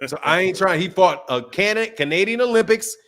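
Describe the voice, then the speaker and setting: Excitable guy hosting a boxing chat, really high voice, laughs a lot. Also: a little fast. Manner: animated, excitable, laughs often. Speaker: host. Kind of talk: casual chat.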